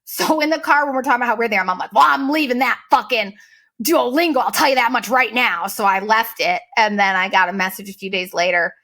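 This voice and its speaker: A woman hosting a podcast, telling a story in a casual, profane, animated way and mimicking the people she quotes. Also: a little high, a little fast. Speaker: podcast host.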